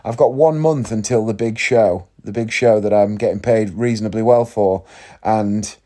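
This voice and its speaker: A man's voice: on the low side, moderate pace, mellow. A man from Northeast England talking casually to camera in a vlog, chatty and rambling, often tagging questions onto his sentences. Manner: chatty, leans on tag questions like "isn't it?". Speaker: vlogger.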